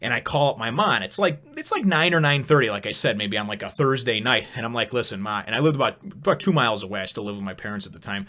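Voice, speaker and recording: A young man from Chicago rattles off a rambling, profane anecdote at a quick clip, full of asides. His voice sits at an ordinary middle pitch, and he talks straight to his viewers in a casual vlog. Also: lively intonation, pushed and bright. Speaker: YouTuber telling a story.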